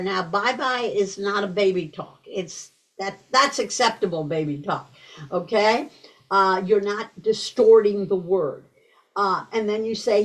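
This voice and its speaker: A woman giving a talk to a group of parents on early reading, deliberate and repeating key words for emphasis. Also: medium pitch, poor audio. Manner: acts out simple phrases parents say to babies. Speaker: guest speaker on early reading.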